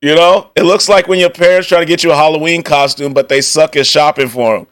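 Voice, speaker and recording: A man's voice: a little high, steady tone, quick pace, fairly bright tone. A young man streaming, reacting casually to outfits with constant laughter, swearing and joking banter.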